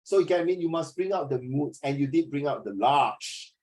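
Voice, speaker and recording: A man coaching a student one-on-one for an oral exam, blunt and animated, mixing in Mandarin words. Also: fairly high pitch, fairly quick. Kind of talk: one-on-one tutoring.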